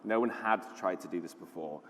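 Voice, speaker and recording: Low-voiced british guy giving a conference talk, chatty and keen, reverb from the hall. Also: fairly quick, fairly bright tone. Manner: enthusiastic storytelling, conversational with fillers. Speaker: conference speaker, lead designer.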